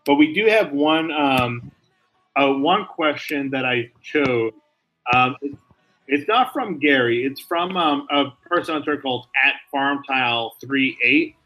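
A man co-hosting a casual podcast, excitable, laughing often and tossing in quick asides. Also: mid-range voice. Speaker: podcast co-host. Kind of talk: casual podcast chat about wrestling.

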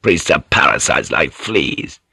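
A man reading an audiobook, voicing a rough, scornful male samurai guard who speaks coarsely and bluntly. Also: very deep voice, big pitch swings, unhurried, bright, forceful tone, no room sound, clean studio sound, pitched below the performer's own voice, full character voice.

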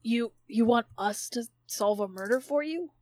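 A woman's voice: fairly high pitch, lively intonation, moderate pace, darkish tone, dry recording. A woman player in a tabletop game, talking casually and a little hesitantly.

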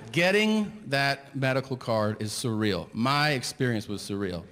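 A man's voice: medium pitch, a bit bright. A man doing a stand-up set, telling a story and acting out the voices. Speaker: stand-up comedian. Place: theater stage. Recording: echoey live hall with audience noise.

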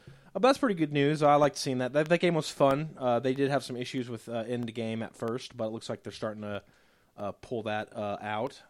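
A man co-hosting a gaming podcast, running through news items in an easygoing, joking way. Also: medium pitch. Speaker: podcast co-host reading news. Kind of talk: casual chat and news rundown.

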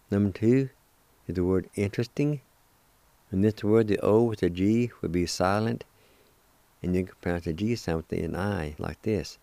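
A man from Oklahoma giving a recorded language lesson, slowly spelling out words and repeating each one with encouragement. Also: fairly low pitch, mellow, no room sound. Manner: slow, careful, spells words letter by letter and repeats them. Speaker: language teacher and show host.

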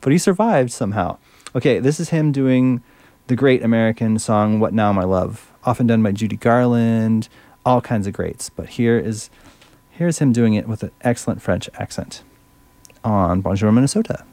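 A man's voice: on the low side, moderate pace, mellow, no room sound. A male radio host chatting casually between songs, enthusiastic and fumbling a little over French words.

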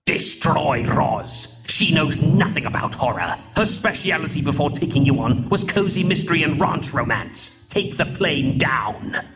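A man voicing a commanding male voice inside a character's head, giving slow, imperious orders for an audiobook. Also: on the high side, lively intonation, loud music behind the voice. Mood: scornful.

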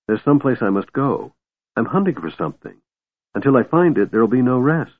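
A man's voice: medium pitch, animated, no echo, voice pushed up, lightly acted. A man voicing a frightened, secretive male sailor who stammers and halts, in a dry recording with a narrow phone-like sound. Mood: fearful, pleading. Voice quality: stammering, halting.

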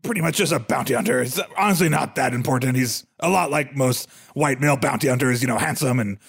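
A man's voice: medium pitch, fast, gravelly, slightly rough. A man playing in a tabletop game, talking in a goofy, rambling way. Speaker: player. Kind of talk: casual tabletop game chat.

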